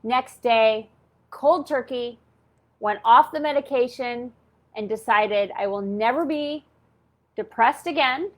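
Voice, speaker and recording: A woman's voice: fairly high pitch, slow pace, a bit bright. A woman in her fifties telling a personal story in a candid, chatty way, full of "like" and "okay?". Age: 50s. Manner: chatty, peppers talk with "like" and "okay?". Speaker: channel host.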